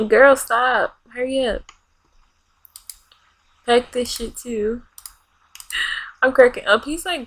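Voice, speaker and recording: A woman's voice: fairly high pitch, slow pace, long pauses, a bit bright, slightly rough, poor audio. A young woman giving casual, playful let's-play commentary, laughing often and talking back to the game characters in slang. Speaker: gaming YouTuber.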